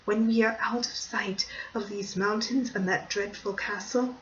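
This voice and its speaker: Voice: medium pitch, steady tone, measured pace, close to an everyday voice. A reader voicing a pleading young cursed woman. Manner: pleading, earnest. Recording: dull distant recording, faint hiss.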